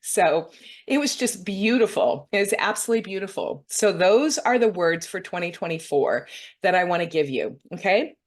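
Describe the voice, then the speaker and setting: Woman, somewhat low voice, intuitive reader host, heartfelt rambling story, keeps checking in with viewers. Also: lively intonation, moderate pace. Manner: meandering, earnest storytelling with frequent "okay?" and "right?"; heartfelt, openly moved. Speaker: intuitive reader hosting a weekly show. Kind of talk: casual spoken recounting of a meditation vision to viewers.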